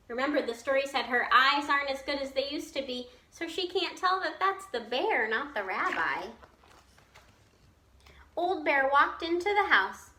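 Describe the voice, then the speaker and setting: A woman teacher reading a children's picture book aloud, slowly and expressively, pausing to explain to her listeners. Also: high-pitched. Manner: slow, expressive storytelling with asides to listeners.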